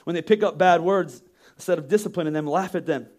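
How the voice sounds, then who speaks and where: A man's voice: a little high, quick pace, darkish tone. A man in his thirties preaching a sermon, emphatic and rhetorical, often acting out the voices of the people he quotes. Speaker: pastor.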